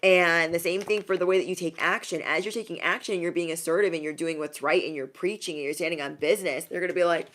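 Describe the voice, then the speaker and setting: A woman's voice: fairly even intonation, fast, hardly any pauses, a bit bright. A woman giving a casual tarot reading to her viewers, sassy and emphatic, repeating lines for effect. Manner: mocks others in high put-on voices. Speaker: tarot reader.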